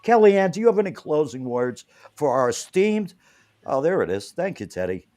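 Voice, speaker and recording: A man's voice: on the high side, big pitch swings, moderate pace, darkish tone. A man hosting an interview show, playful and loose in casual chat. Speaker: host.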